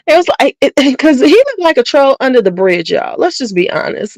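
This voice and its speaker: A woman's voice: high-pitched, very animated, normal speed, few pauses, darkish tone, no echo, low-quality recording. Blunt, gossipy woman chatting. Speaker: beauty channel host. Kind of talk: casual chat to viewers.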